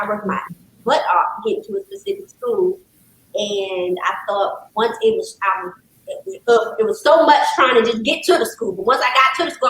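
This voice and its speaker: A woman counselor, a guest on a talk show, telling her story in a lively, emphatic way and calling the host "girl". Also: on the high side, slight background noise. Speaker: licensed counselor, podcast guest. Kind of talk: casual conversational storytelling. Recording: roomy echo.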